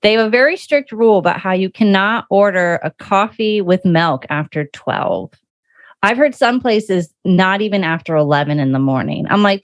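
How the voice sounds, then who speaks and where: A woman's voice: medium pitch, lively intonation, moderate pace, no echo. A woman hosting a podcast interview, chatty and storytelling, acting out little exchanges as she goes. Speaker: podcast host. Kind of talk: casual interview chat.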